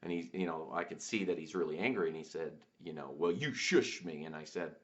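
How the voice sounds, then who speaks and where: A man, a podcast host, telling a personal story in a reflective way, halting with many fillers and restarts. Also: extremely low pitch, steady tone. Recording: dull lo-fi sound.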